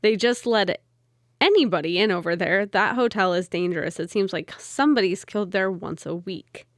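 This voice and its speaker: A woman's voice: mid-range voice, normal speed, dry recording, clean studio sound. A woman co-hosting a casual podcast, telling a story from her notes with frequent ums. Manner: narrates from notes with many ums, laughs easily. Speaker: podcast co-host.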